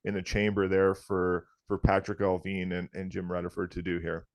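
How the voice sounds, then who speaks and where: A man with a Canadian accent hosting a hockey podcast, asking halting questions full of fillers. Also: low-pitched, monotone, dry recording. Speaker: podcast host. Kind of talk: podcast interview.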